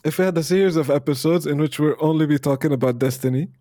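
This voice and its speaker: A podcast host in easy, joking conversation with his co-host. His voice sits a little high for a man. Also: fast, mellow. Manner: jokey, laughs often. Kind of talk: casual chat.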